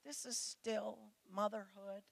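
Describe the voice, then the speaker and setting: A woman's voice: mid-range voice, fairly even intonation, takes it slowly, vocal fry. A middle-aged woman preaching a sermon to women, earnest and pleading as she speaks straight to her listeners.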